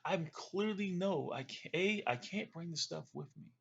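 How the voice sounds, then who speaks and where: A man's voice: high voice, animated, moderate pace, creaky, husky, highs cut off. A man telling a long, rambling story to camera in a casual way, with fillers and restarts. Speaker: vlogger recounting a dream.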